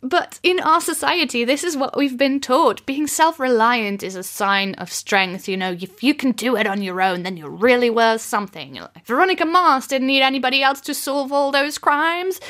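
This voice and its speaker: A woman hosting a solo podcast, chatting casually with self-deprecating jokes and quick laughs. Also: high voice, a bit bright. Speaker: podcast host and life coach.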